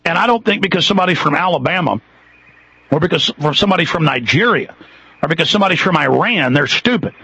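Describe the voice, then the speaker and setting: A man hosting a talk radio show, ranting aggressively and loudly. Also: fairly high pitch, lively intonation, breathy edge, low-quality recording. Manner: aggressive, loud, fast-talking rants.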